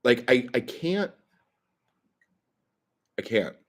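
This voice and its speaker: A man's voice: medium pitch, very animated, drawn-out words. A man hosting a livestream, ranting in a profane, exasperated way and reacting to chat comments. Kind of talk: heated livestream rant.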